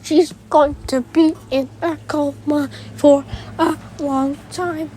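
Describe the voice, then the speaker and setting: A flat robotic helper speaking in a calculating monotone, as a woman puts it on. The voice sits high and carries no feeling. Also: slow, a little hiss or hum.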